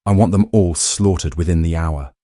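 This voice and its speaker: A man voicing Dominic, raspy menacing mafia boss. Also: normal speed, dark tone, dry recording, clean studio sound, lightly acted. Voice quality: raspy commanding baritone. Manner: low and threatening, clipped orders. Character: menacing male mafia boss, commanding and ruthless.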